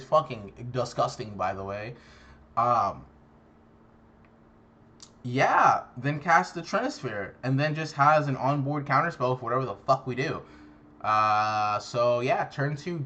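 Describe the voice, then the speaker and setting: A young man tells a rambling, casual tournament story, full of swearing and exasperated sighs at his own bad luck. His voice sits at an ordinary middle pitch. The recording sounds a little dull and lo-fi. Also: fairly bright tone. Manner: profane, exasperated, self-mocking. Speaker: card game content creator.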